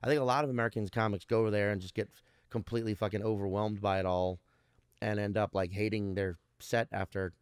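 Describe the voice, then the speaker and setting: A man's voice: on the low side, steady tone, quick pace, clean tone, dry recording. Comedian guy rambling and cursing, lots of restarts, dry close mic. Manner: rambling, profane, restarts a lot. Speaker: stand-up comedian guest. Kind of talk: casual podcast interview.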